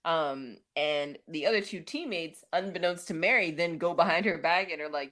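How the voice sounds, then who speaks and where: A woman with a low voice talks through a movie plot in a loose, conversational way. She fills her sentences with "like" and "um" as she goes. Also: normal speed, few pauses, fairly bright tone. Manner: chatty, many fillers and laughs. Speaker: podcast co-host. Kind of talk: casual movie recap.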